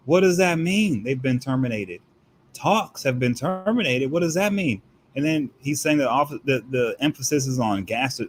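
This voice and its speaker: A man's voice: mid-range voice, a little hiss or hum. A man talking as a guest commentator in heated political commentary, emphatic and firing off rhetorical questions.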